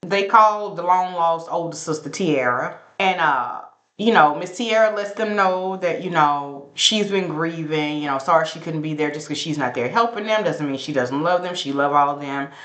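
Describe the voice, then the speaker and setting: A woman's voice: low voice, normal speed, fairly bright tone, roomy sound. A woman, sassily recapping a reality show episode in a casual, gossipy commentary straight to her viewers.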